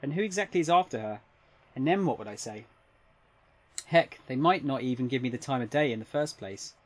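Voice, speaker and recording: A man reading aloud the first-person narration of a young woman caught in a strange situation, in a plain, lightly expressive voice. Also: medium pitch, a little fast, natural voice. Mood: worried. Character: young woman narrating her own puzzled predicament. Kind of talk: reading game text aloud.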